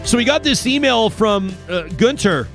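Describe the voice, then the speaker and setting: A man hosting a talk show from a broadcast studio, chatting in an energetic, self-interrupting way. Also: high voice, normal speed, over music. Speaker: radio and podcast talk show host. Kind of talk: casual talk show chat with sponsor reads. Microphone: studio microphone.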